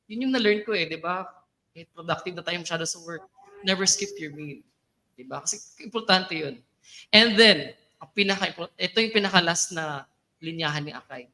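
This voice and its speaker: Bright, chatty Filipino speaker. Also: medium pitch, rough recording. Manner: chatty, playful, mixes English and local phrases, laughs often. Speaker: student orientation speaker. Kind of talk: casual talk to students.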